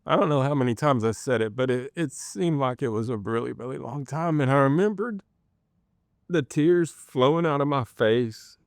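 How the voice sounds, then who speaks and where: Man, personal testimony, halting and earnest, smooth resonant voice, dry close sound. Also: medium pitch, no echo. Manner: halting, earnest storytelling with many pauses and restarts. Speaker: guest sharing a personal testimony. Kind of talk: personal faith testimony, told in an interview.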